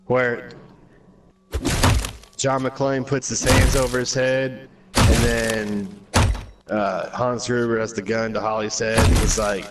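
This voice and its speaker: A man's voice: medium pitch, flat delivery, slow, pauses often, heavy background noise. Rambling, foul-mouthed gamer guy. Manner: rambling, profane storytelling. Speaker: gaming streamer. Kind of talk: casual chat while gaming. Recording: voice over loud game music.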